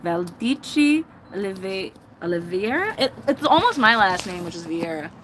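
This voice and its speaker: A woman's voice: mid-range voice, big pitch swings, moderate pace. A casual American woman hosting her own live stream from an outdoor cat enclosure. Her talk is loose and chatty and often breaks into laughter. The phone recording is thick with background noise.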